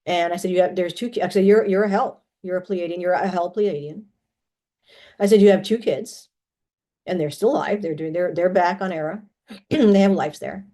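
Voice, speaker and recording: A woman telling personal stories in a casual monologue, rambling with many restarts and often clearing her throat. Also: fairly low pitch, normal speed, dark tone.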